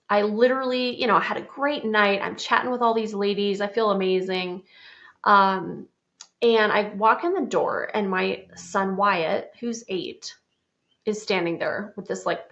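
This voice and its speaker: Gravelly-voiced woman podcast host, chatty. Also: mid-range voice, a bit bright, dull audio. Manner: chatty, frank, self-mocking storyteller. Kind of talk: casual storytelling monologue.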